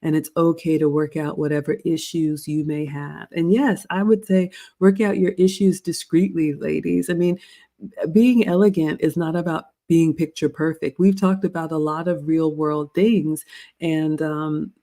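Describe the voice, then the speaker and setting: Dark-toned woman hosting an advice chat. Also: low-pitched, fairly even intonation, moderate pace. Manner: conversational, addresses listeners as ladies. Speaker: host. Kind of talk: casual advice chat on etiquette.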